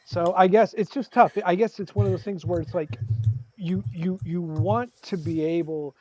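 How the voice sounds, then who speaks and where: A man's voice: high-pitched, fairly even intonation, normal speed, background noise. A man thinking aloud in a rambling way during a casual podcast chat. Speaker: podcast panelist.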